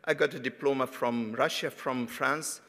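Hesitant moderator in a reverberant hall. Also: male voice, medium pitch, fairly even intonation, moderate pace, pushed and bright. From Tunisia. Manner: hesitant, many fillers and restarts. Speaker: panel moderator. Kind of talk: academic panel talk. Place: conference hall.

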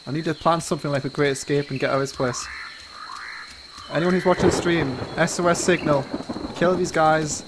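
Male streamer, nervous joking patter, slightly high voice, headset mic, noisy game-chat audio. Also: fairly even intonation, a little fast. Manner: nervous, pleading, joking chatter.

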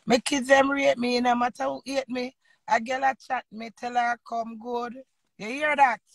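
A Jamaican woman in her fifties, an entertainer and host, ranting loudly in an unscripted live video and swearing freely. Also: a little high, little pitch movement, moderate pace, vocal fry, no room sound. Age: 50s. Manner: loud, combative, swearing freely.

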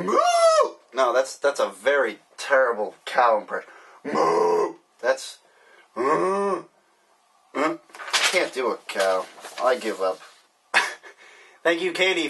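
A man's voice: fairly high pitch, fairly bright tone, slightly rough. A man hosting a casual mail-opening vlog, joking and rambling sarcastically as he opens packages. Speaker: vlogger. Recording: distant mic, faint hiss.

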